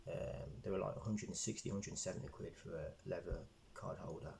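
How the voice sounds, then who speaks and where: Male vlogger, deep, rambling and repetitive. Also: steady tone, a little fast, creaky, a little mellow, a little hiss or hum, rough recording. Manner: rambling, repeats himself, many fillers. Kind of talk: storytime vlog.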